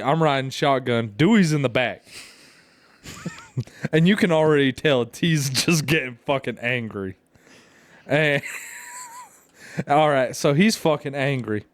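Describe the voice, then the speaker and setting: A man's voice: mid-range voice, dry recording. A man co-hosting a casual podcast, telling a long, profane story and often laughing through it. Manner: profane, rambling, laughs through his stories. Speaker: podcast co-host.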